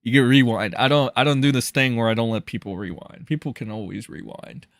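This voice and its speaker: A man's voice: mid-range voice, fairly quick, creaky, dry recording, clean studio sound. A man hosting a livestream, reacting to clips in a loose, sarcastic and profane way. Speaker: livestream host.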